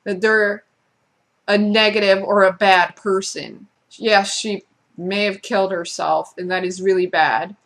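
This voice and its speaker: Woman, vlogger, casual ranting monologue, sarcastic, blunt, swearing, middle pitch. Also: fairly even intonation, measured pace.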